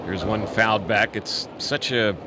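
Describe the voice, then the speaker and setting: A man calling a baseball game as the play-by-play announcer, steady and informative, reading the count and the sponsor spots. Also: lowish voice, unhurried, background noise. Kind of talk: radio baseball commentary.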